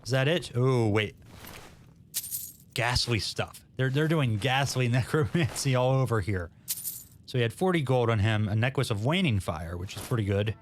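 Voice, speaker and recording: A man's voice: mid-range voice, expressive, moderate pace. A man giving casual gameplay commentary, chatty and self-mocking, talking to himself as he plays. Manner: chatty, self-mocking, laughs at his own misreads. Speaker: gaming channel host.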